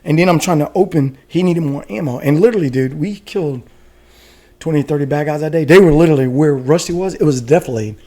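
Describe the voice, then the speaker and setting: Fast-talking man telling war stories. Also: on the high side. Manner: animated, profane storytelling with frequent laughs. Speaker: guest, retired Army special forces soldier. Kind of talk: war stories in casual podcast chat.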